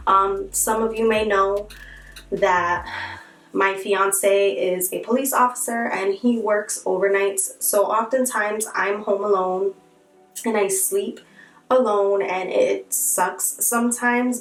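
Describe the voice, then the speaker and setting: A woman's voice: mid-range voice, distant mic. A young woman speaks candidly to her viewers in a chatty, heartfelt way. Her voice is picked up from a little way off the mic in a reverberant room, with faint music underneath. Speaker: vlogger. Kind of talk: casual vlog talk to camera.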